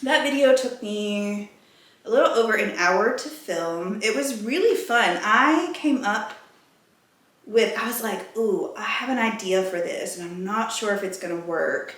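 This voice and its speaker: A woman's voice: medium pitch, lively intonation, a little slow, a bit bright. A woman chatting casually in a home vlog, rambling and out of breath. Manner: rambling, chatty, self-interrupting. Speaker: vlogger. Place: home room. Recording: echoey room.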